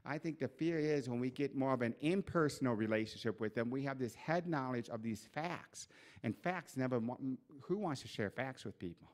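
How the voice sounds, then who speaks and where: A man preaching a church sermon, telling a scripture story with lively acted-out voices and asides. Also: mid-range voice, moderate pace. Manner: animated storytelling, acts out quoted voices. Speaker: pastor. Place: church sanctuary.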